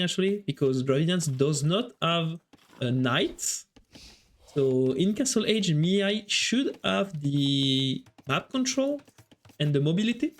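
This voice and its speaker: A man with a French accent, French his first language, doing live chatty commentary on a strategy game while answering his viewers. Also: on the high side. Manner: chatty, thinks aloud, quick reactions to the match. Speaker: esports caster and streamer.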